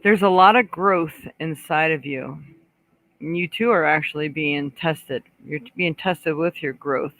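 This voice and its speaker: Woman psychic, live-stream host, conversational and warm-toned chatter, dry close-miked recording. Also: low-pitched, measured pace, no room sound, poor audio. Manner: chatty, reads out viewer comments, relays spirit messages; frequent throat clearing and small laughs. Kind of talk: casual live-stream chat and card reading.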